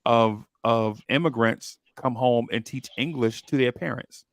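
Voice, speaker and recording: Gravelly dude rambling on a podcast, dry close sound, keeps restarting words. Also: male voice, mid-range voice, measured pace, no room sound. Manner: rambling, repeats words while thinking. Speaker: podcast co-host. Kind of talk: casual chat.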